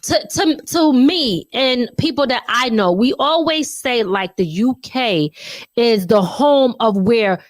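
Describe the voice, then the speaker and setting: A woman's voice: fairly high pitch, lively intonation, takes it slowly, dry recording. A woman from the US hosting an interview, chatty and loose, laughing easily. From United States. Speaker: interview host. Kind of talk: casual interview chat.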